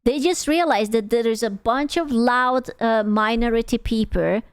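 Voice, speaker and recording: A woman's voice: a little high, normal speed, smooth, no room sound. A woman streamer casually reacting to a video, rambling, stumbling over words and swearing freely.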